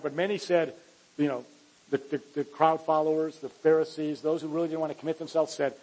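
A male pastor preaching with earnest emphasis, sometimes stumbling and restarting his phrases. His voice sits a bit high and sounds husky and slightly breathy. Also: brisk, a little mellow, low-quality recording. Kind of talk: sermon.

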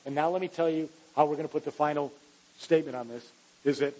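A man's voice: a little high, quick pace, darkish tone, low-quality recording. A man preaching a sermon, earnest and emphatic, often restarting his phrases as he explains a scripture passage. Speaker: pastor.

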